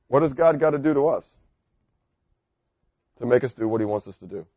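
A man preaching a sermon, animated, asking the congregation questions and acting out quotes. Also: medium pitch, fairly quick, pauses often, breathy edge, no room sound. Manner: animated, asks the audience questions, acts out quotes. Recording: dry, dull lo-fi recording.

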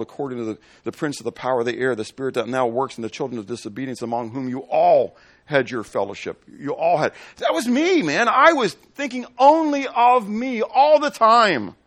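A man preaching a sermon, quizzing the congregation and acting out little scenes to explain his point. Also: medium pitch. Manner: animated, asks the room questions and acts out little scenes. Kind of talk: sermon teaching with questions to the congregation.

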